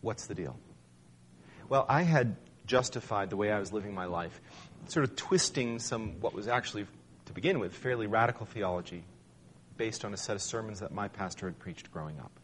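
A man's voice: on the low side, expressive, a little fast, slight background noise. Man telling a wry personal story. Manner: conversational, wry and self-deprecating. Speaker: speaker sharing a personal testimony. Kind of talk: storytelling talk.

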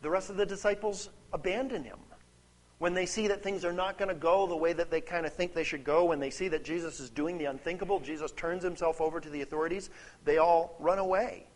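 A man preaching a sermon, conversational and animated, often checking in with "right?" and reading scripture aloud. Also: on the high side, brisk. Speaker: pastor.

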